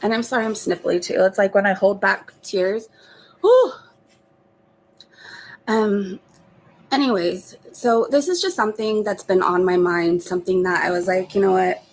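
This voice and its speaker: A woman with a gravelly, creaky voice opening up on camera, sniffly as she holds back tears. She talks softly and haltingly, with many pauses and fillers. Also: mid-range voice, low-quality recording. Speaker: vlogger. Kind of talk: confessional vlog.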